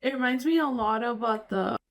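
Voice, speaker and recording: Podcast host, woman, a bit high-pitched, loose rambling storyteller who slides between English and Spanish. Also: fairly quick. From Colorado, United States. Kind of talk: casual storytelling chat.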